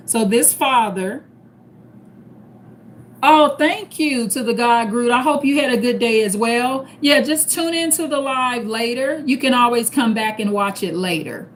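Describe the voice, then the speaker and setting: Woman streamer, unhurried chatty delivery, slightly high voice, faint hiss behind. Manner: slow, chatty, greets viewers by name. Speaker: live stream host. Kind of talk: casual live stream chat.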